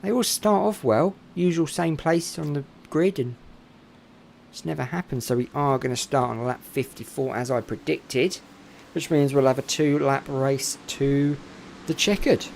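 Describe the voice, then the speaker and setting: A man giving casual live commentary on a simulated car race, chatting to viewers and getting excitable. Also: unhurried, creaky, slight background noise. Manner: chatty, talks to viewers in chat, gets excited and pitch jumps up. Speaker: sim racing commentator.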